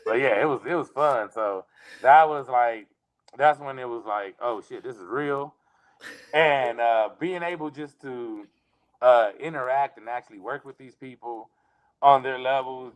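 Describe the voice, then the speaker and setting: A middle-aged comedian appears as a guest, telling casual funny stories full of laughter. He keeps leaping suddenly into high mock voices.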